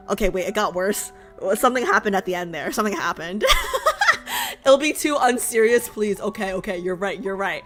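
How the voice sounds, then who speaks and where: A woman streamer chatting casually with her viewers, self-mocking and repeating phrases as she goes, her voice a little raspy. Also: medium pitch, fairly quick, fairly bright tone, soft background music. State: slightly raspy voice.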